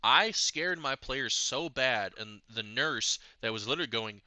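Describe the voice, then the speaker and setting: A man co-hosting a casual podcast, telling a game story as an excitable storyteller. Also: mid-range voice, a little slow, hardly any pauses, no echo. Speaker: podcast co-host and game master.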